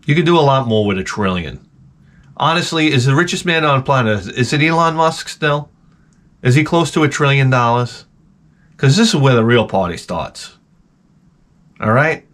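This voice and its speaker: A man's voice: medium pitch, normal speed, long pauses. Middle-aged guy hosting, cussing and rambling through funny stories, keeps restarting, mid-range voice. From Long Island, New York. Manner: profane, animated storytelling with many restarts. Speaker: host. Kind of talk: rambling comic monologue.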